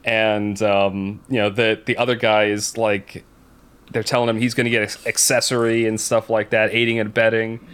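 A man's voice: lowish voice, level tone, normal speed, a bit bright, clean tone. A man in casual chat, retelling a film's story in a rambling way with many fillers and restarts.

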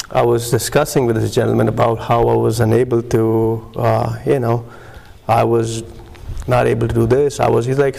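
A man telling his personal recovery story in a halting way, with many fillers and pauses. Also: medium pitch, creaky, darkish tone. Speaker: recovery meeting speaker. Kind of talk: personal testimony.

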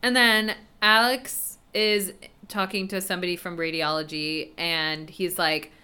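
A woman co-hosting a podcast, chatting casually and retelling scenes in an animated way, with swearing. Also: on the low side, unhurried, clean tone. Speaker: podcast co-host. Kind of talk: casual recap chat.

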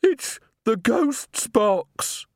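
A man's voice: sits high, animated, slow pace, no echo, clean studio sound, pitched above the performer's own voice, exaggerated voice. A man voicing a nervous old woman bar attendant in an audiobook, flustered and hesitant.

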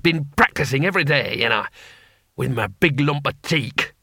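Man playing an old barbarian show-off, slow and crowing, lively pitch, dry sound. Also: creaky, no room sound, heavily acted. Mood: eager. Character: boastful elderly male barbarian hero.

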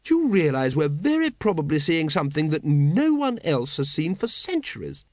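A man voicing an excitable, gushing upper-class woman who breeds dragons, reading a storybook. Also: fairly high pitch, normal speed, no room sound, studio quality. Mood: eager.

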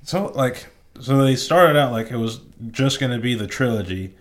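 A man co-hosting a podcast in relaxed, profane casual chat. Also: mid-range voice, normal speed. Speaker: podcast co-host.

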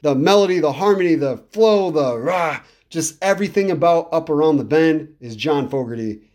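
Speaking at a moderate pace, this male podcast host has a slightly raised, somewhat mellow voice with lively intonation. His easygoing music review monologue is casual and rambling, full of enthusiasm and words repeated for emphasis.

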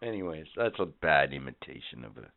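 A man hosting a podcast in profane, rambling casual chat, swinging between loud and quiet. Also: very deep voice, big pitch swings, fairly quick, vocal fry. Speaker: podcast host. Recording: phone-like lo-fi audio.

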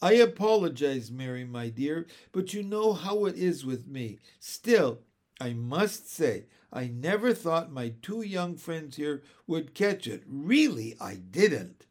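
A man voicing a jolly elderly uncle, hearty and booming, talking through fits of laughter. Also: sing-song, takes it slowly, a little mellow, full character voice. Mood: jovial.

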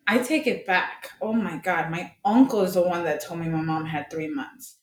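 A young woman from Colombia tells a frank personal story as a podcast guest, swearing without restraint and performing the voices of those she quotes. Her pitch is fairly low and her speed normal, recorded in an echoey room with faint ambience.

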